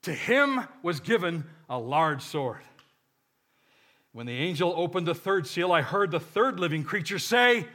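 A man's voice: high voice, sing-song, measured pace, sharp tone. A man preaching a sermon, reading scripture with joking asides and leading the congregation in call-and-response. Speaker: pastor.

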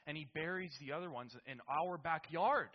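A man's voice: on the high side, normal speed. A young man telling a family anecdote casually, rambling with restarts and tag questions, on a dull lo-fi recording. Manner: rambling with many restarts and "right?". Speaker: storyteller.

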